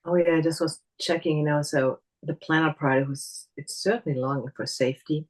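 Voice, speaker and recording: A woman's voice: deep voice, steady tone, fairly quick. Woman sharing feelings, searching for words. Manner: warm, searching for words, laughs often. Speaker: workshop participant. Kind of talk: personal sharing.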